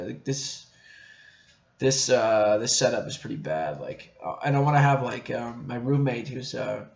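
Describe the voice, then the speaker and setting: A young man with a medium-pitched, creaky voice rambles crudely and mocks himself, full of fillers, in a solo podcast monologue. He records on a camera mic in a small room at home, so the audio is echoey, dull, lo-fi and faintly noisy.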